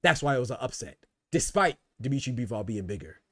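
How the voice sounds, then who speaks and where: A man hosting a casual boxing livestream, answering chat as he goes. His pitch sits at an ordinary middle level. He argues hard and restates his point again and again, in a dry, close recording. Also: sing-song, quick pace, husky, no echo. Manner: argumentative, repeats phrases to drive a point. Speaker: boxing talk show host.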